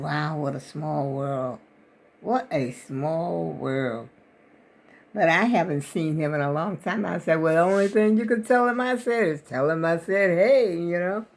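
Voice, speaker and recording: A woman's voice: fairly low pitch, a little mellow. An older woman vlogger, rambling in casual chat to her viewers. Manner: rambling, chatty, talks to viewers as y'all.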